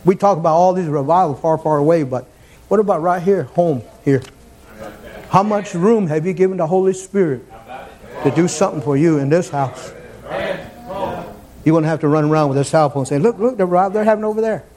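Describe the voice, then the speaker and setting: Man, preacher, fervent sermon, repeats phrases, higher-pitched voice. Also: normal speed, pauses often. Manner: fervent, rising to near-shouts, repeats phrases.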